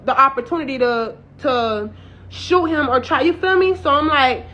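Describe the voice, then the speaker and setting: A woman's voice: sits high, bright, forceful tone. A woman telling her own story straight to camera in a casual, heated and emphatic way, full of swearing and "like". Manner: emphatic, heated, profane, heavy use of "like". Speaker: woman recounting her arrest. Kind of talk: casual first-person account to camera. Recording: dull lo-fi audio.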